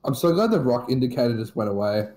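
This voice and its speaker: A man chatting over a game with friends, swearing and laughing loudly. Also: medium pitch, very animated, fast, a crowd in the background. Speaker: gaming friend. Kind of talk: casual gaming chat.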